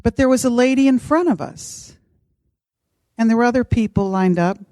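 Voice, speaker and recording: A middle-aged woman casually telling a personal story, animated and acting out what others said. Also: fairly high pitch, normal speed, no room sound. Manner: animated, acts out quoted voices. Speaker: podcast co-host.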